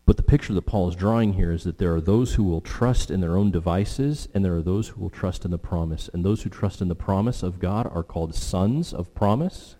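A man's voice: brisk, hardly any pauses, warm tone. Man preaching in a reverberant church. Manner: emphatic, rising in pitch and volume when quoting. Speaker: pastor. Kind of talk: sermon. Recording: long hall reverb.

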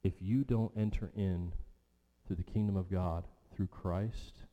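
A man's voice: low voice, fairly even intonation, unhurried, lo-fi sound. Emphatic preaching man in a reverberant hall. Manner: emphatic, rising and falling preaching delivery. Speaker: pastor. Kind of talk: sermon. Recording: long church hall reverb.

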